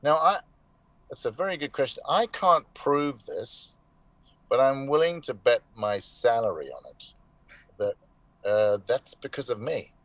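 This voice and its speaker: A man speaks as an interview guest at an ordinary middle pitch. He tells his story thoughtfully, then pushes a phrase out with force. The sound is dry and close. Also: expressive, measured pace, dry recording. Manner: reflective, emphatic storytelling with sudden swings in loudness. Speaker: voice actor guest. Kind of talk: conversational interview answers. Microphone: online live call.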